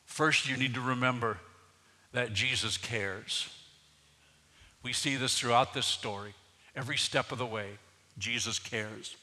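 A man preaching a sermon as pastor, moving from quiet scripture reading to loud, emphatic preaching. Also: mid-range voice, measured pace, long pauses, in a large hall.

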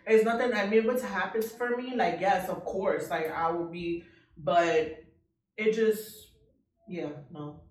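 A woman's voice: medium pitch, slow. Blunt, cursing young woman in an echoey room. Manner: blunt, profane storytelling, acting out quoted lines. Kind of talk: candid casual chat. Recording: echoey room, mic at a distance.

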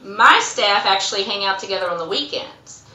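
Middle-aged clinic boss, bright tone, lively storyteller, roomy echo. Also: female voice, mid-range voice, moderate pace. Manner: animated storyteller, acts out quotes. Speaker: urgent care center administrator, guest. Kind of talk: casual interview chat.

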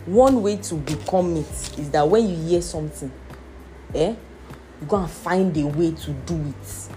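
Middle-aged woman, earnest sermon delivery, mellow tone, faint music bed. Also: deep voice, unhurried. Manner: earnest, repeats "do you understand". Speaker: preacher. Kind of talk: teaching sermon.

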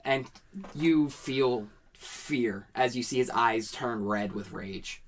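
A man running a tabletop roleplaying game, narrating scenes with vivid, dramatic description. His voice sits in an ordinary middle pitch. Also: takes it slowly. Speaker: game master.

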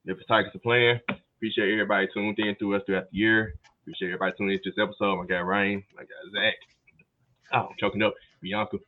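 A man hosting a podcast, wrapping up the episode with brisk, slangy banter. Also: fairly low pitch, little pitch movement. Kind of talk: casual sports chat. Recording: dull lo-fi sound.

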